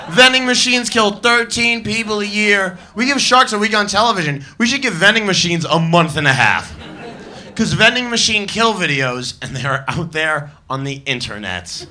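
A young man doing a stand-up set, telling stories with wry, deadpan asides. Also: on the high side. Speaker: stand-up comedian.

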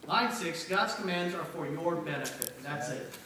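A man's voice: a little high, lively intonation, moderate pace, bright, forceful tone, a little hiss or hum. A middle-aged man preaching a conversational sermon to a congregation and asking the room for responses. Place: church hall with congregation. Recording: echoey church hall from far off.

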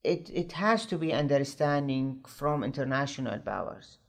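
Halting male political commentator. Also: medium pitch, animated, creaky. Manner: halting, searching for words, earnest. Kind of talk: news discussion.

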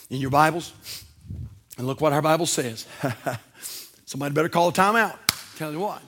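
Man preaching, husky and a bit high-voiced, goes from shouts down to whispers. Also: moderate pace, long pauses. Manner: dramatic storytelling, swinging from shouts to whispers. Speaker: pastor. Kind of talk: sermon.

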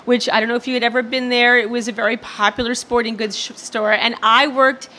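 A woman's voice: a little high, little pitch movement, a little fast, bright, forceful tone. A woman from New York City telling a funny true story in a self-deprecating, profane way. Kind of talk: comic true-story monologue.

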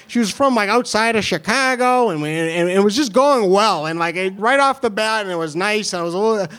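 A young man with a New York accent telling a funny personal story, animated and self-deprecating, with halting restarts. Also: high-pitched, clean tone. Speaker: storyteller and comedian. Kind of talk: comedic personal story told to an audience.

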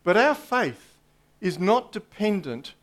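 A man delivers a sermon in a fairly high voice. He takes his time, weighing each phrase with long pauses, and often sinks to a hush at the end of a point. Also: very animated. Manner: slow, emphatic preaching with dramatic pauses and drops to a hush. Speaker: preacher.

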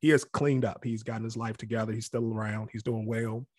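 A man's voice: lowish voice, flat delivery, brisk, darkish tone, no echo, studio quality. Candid man telling his life story. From Capitol Heights area near Washington, D.C. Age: adult past college age. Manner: reflective and candid, often acts out other people's voices. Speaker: interview guest. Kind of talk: casual storytelling interview.

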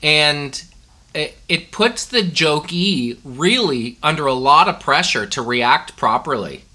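A man's voice: fairly high pitch, animated, slow pace, bright, forceful tone. A man co-hosting a podcast, chatting casually and rambling through stories. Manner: rambling storyteller, voices the joke's characters. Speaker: podcast co-host. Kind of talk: casual chat, telling a long joke.

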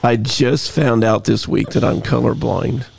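A man's voice: medium pitch, fairly even intonation, unhurried, gravelly, a crowd in the background. A middle-aged man co-hosting a podcast in casual chat, with a dry delivery of corny jokes. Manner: dry corny joke teller. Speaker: podcast co-host.

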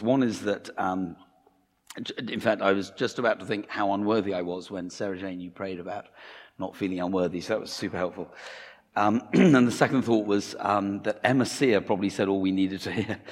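A man in his fifties preaches a sermon with enthusiasm, repeating key phrases and pausing on fillers. His voice sits on the lower side. It echoes through a long-reverb church hall. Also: breathy edge. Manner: enthusiastic, with frequent fillers and repetitions.

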